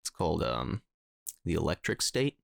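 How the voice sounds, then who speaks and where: A young man with a very low, gravelly voice, chatting loosely on a podcast with plenty of filler words. The sound is dry and close. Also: very animated, normal speed, no room sound. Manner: rambling, lots of fillers. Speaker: podcast co-host. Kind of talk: casual chat.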